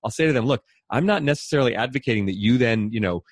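A middle-aged man, an author and speaker, telling stories in an animated conversational way and acting out quoted voices. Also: medium pitch, rapid-fire, no room sound, clean studio sound. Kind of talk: conversational storytelling.

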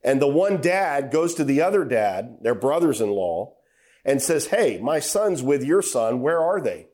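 A man's voice: sing-song, unhurried. Middle-aged male preacher, storytelling sermon, acts out the quotes, builds to emphatic peaks. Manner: storytelling with acted quotes, rising to loud emphatic high passages.

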